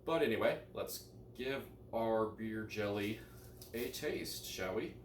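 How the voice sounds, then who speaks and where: Laid-back deep-voiced man in an echoey room. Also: slow, a little hiss or hum. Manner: laid-back, self-deprecating, many fillers. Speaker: cooking vlogger. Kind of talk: casual vlog chat. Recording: echoey room, mic some distance away.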